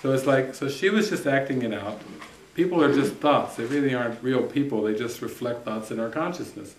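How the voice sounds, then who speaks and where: A male spiritual teacher telling a story to a retreat group, animated and often laughing as he acts out what people said. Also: medium pitch, brisk. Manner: animated anecdote, often laughing and acting out quotes. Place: retreat center room. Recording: echoey room.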